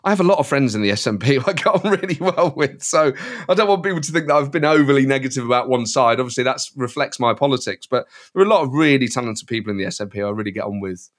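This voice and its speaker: Animated male satirist, lively pitch. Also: quick pace. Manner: animated, storytelling, slips into impressions. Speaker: guest, satirist and impressionist. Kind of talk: casual podcast chat.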